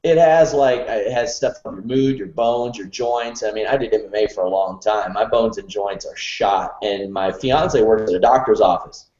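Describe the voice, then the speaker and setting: A man's voice: fairly low pitch, normal speed, hardly any pauses, a little mellow, reverberant, muffled recording. A man hosting a wrestling podcast, chatting casually and reading an ad with a jokey edge. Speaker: podcast host. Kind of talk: casual podcast chat with ad read.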